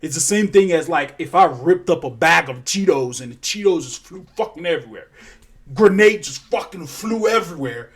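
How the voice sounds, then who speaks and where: A man's voice: fairly high pitch, expressive, moderate pace, slightly rough. A man telling a story off the cuff, rambling and swearing freely, often correcting himself along the way. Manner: profane, rambling, self-correcting. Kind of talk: casual spoken storytelling.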